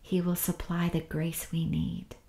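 Slow soft-spoken woman Bible teacher. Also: fairly low pitch, flat delivery, echoey room. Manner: soft, often whispery and tender delivery.

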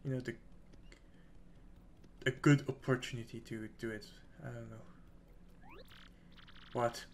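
A man's voice: mid-range voice, a little slow, slight background noise. A young man giving casual, rambling commentary while playing a game, trailing off mid-thought. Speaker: let's play host.

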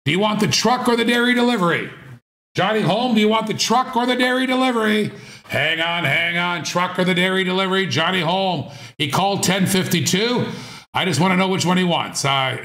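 A man's voice: high voice, a bit bright, roomy sound. Playful man calling a diecast auction. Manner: playful, rhythmic, repetitive auctioneer chant. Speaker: auctioneer and channel host. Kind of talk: live online auction patter.

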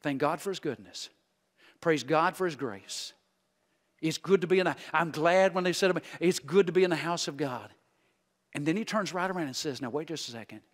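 A male guest preacher giving a revival sermon, folksy and joking, swinging from loud exhortation to hushed intensity. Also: fairly high pitch, brisk.

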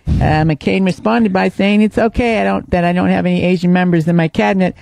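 Brief: a man doing a late-night host impression, gravelly, slow monologue delivery, dry close sound. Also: sits high, steady tone, darkish tone, no echo. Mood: joke-telling.

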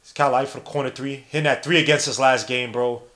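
A young man hosting a podcast, giving casual live play-by-play and reading the chat aloud in an animated, slangy way. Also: mid-range voice, quick pace, a little hiss or hum. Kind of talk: casual live-stream commentary.

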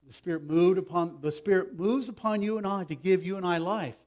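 A man preaching a sermon as pastor, swinging from loud emphatic bursts to soft asides. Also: fairly quick. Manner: acts out quoted speech with raised pitch. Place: church sanctuary.

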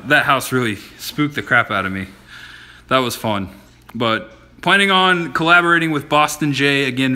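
A man hosts a casual livestream from his house, talking to viewers in a friendly, meandering way. His voice is very bright and forceful at a middling pitch, and he pokes fun at himself as he goes. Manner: rambling, friendly, self-deprecating. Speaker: livestream host. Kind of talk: casual live-stream chat. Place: at home.

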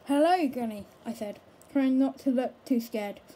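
A woman reading a children's book aloud in a slow, careful way, with occasional small stumbles over words. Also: a little high, fairly even intonation, heavy background noise. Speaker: storybook reader.

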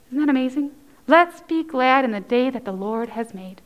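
Female church children's-story leader, high and very animated, coaxing and cheering. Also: moderate pace.

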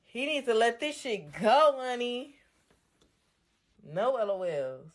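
A woman's voice: on the high side, sing-song, slow. Drunk woman taunting on a livestream. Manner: brash, taunting, repeats lines over and over. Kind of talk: livestream rant. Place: home bedroom, indoors.

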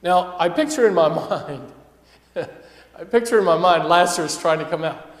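A male pastor preaching a sermon with passion, dropping to a hush and then rising to loud emphasis. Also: a little high, normal speed. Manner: impassioned preaching, swinging between hushed and loud. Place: church sanctuary. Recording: echoey church hall.

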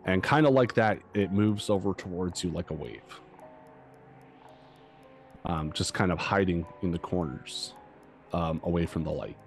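A man's voice: low-pitched, measured pace, long pauses, soft background music. A man narrating as game master of a tabletop game, hesitant and full of fillers.

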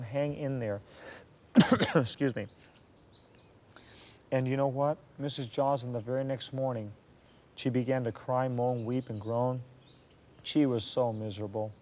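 A man of middle pitch tells a history story with a Christian message. He speaks earnestly and often turns aside to preach to his listeners. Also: darkish tone.

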